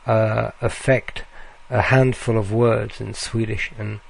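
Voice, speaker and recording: A man giving a recorded slide lecture, speaking deliberately with frequent ums and uhs. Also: fairly low pitch, flat delivery, creaky.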